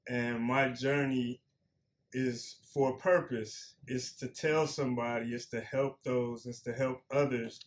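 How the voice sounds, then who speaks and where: A man's voice: medium pitch, fairly bright tone, slight background noise. Man in his forties, former athlete guest, earnest, plainspoken, reflective. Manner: earnest, plainspoken, repeats himself for emphasis. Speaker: former pro football player, guest. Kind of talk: reflective interview talk.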